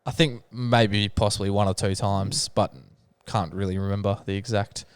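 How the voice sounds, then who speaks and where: A young man co-hosting a podcast, talking in halting bursts and giggling. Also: fairly low pitch, steady tone, clean tone, dry recording. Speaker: podcast co-host. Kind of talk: casual chat.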